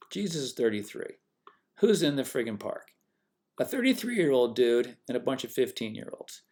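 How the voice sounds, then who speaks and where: A man delivering a casual, unscripted monologue to camera, with a mocking, combative tone, sarcastic asides and frequent restarts and self-corrections. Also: mid-range voice. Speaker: online religion commentator. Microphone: webcam or desk mic, talking to camera.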